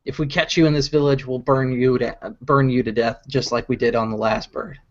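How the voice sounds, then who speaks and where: Man doing a hostile villager, stammering threats, middle pitch, muffled lo-fi call sound. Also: fairly even intonation, brisk, natural voice. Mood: angry. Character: hostile male human villager, angry and threatening.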